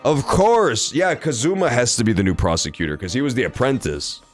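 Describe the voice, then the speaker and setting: A man's voice: medium pitch, animated, a little fast, faint music behind. A man streaming a game, joking, rambling and swearing casually as he plays. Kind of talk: casual gameplay commentary.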